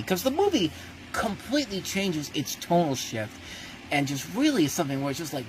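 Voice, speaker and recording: A man's voice: fairly high pitch, very animated, normal speed, a little hiss or hum, rough recording. A man giving a casual spoken movie review as host, blunt and ranting, often breaking off and restarting his sentences.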